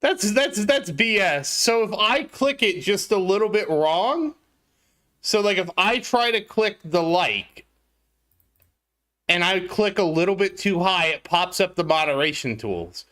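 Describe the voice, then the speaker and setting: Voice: medium pitch, expressive, unhurried, fairly bright tone. A game streamer talking casually to live viewers, flustered, apologetic and laughing at their own mistake.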